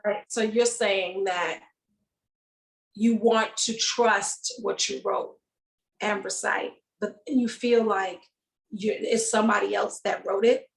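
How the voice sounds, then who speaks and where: A woman comedian in casual conversation, talking in an animated way and acting out little voices as she explains. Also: mid-range voice, takes it slowly, gravelly, rough recording. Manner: animated, acts out voices and sounds. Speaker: comedian, guest. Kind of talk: casual chat.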